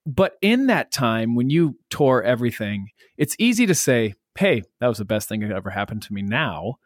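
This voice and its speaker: A man's voice: mid-range voice, big pitch swings, moderate pace, dry recording, clean studio sound. A man hosting a podcast, chatting casually and asking follow-up questions. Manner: conversational, asks follow-up questions. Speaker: podcast host. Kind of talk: casual interview.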